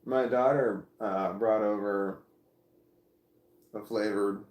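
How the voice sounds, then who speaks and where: Low-voiced middle-aged man rambling on a livestream. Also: steady tone, a little mellow, echoey room. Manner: halting, rambling, restarts sentences, reads chat aloud. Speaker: livestreamer reading chat. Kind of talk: casual livestream chat. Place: at home.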